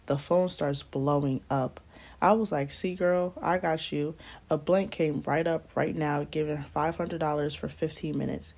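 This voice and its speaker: A young woman vlogger telling a dramatic storytime in a lively, slangy way. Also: sits low, normal speed. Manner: animated, slangy, dramatic retelling. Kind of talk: storytime narration while doing nails.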